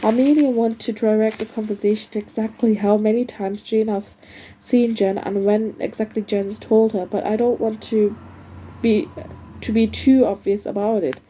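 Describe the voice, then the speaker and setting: A woman's voice: mid-range voice, fairly even intonation, moderate pace, dark tone, slight background noise. A woman reading a novel aloud in a casual, unpolished way, stumbling and restarting now and then, recorded at home. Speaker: reader.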